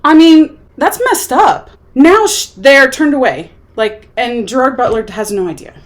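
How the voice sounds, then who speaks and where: A woman's voice: sits high, animated, measured pace. A young woman vlogging a casual movie review, rambling and chatty with lots of filler words. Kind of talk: casual chat.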